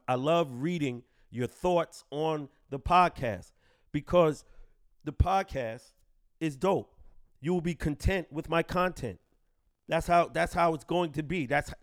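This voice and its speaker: A brash podcast host, a man whose voice sits fairly high for a man. He is boastful and emphatic and swears freely. The sound is close and dry. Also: no room sound. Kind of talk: profane casual commentary. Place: home studio in the Bronx.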